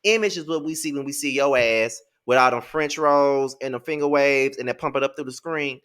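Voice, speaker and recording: A man in his thirties with a Mississippi Southern accent, recapping a reality show in a sassy, profane, animated way. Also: medium pitch, a little fast, smooth. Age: 30s. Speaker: TV show reviewer. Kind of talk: casual recap commentary.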